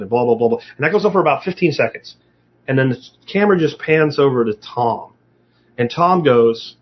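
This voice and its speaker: A man's voice: on the high side, expressive, normal speed. A man speaking in a blunt, emphatic, profane monologue, building his argument with rhetorical questions. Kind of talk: casual monologue. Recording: dull lo-fi sound.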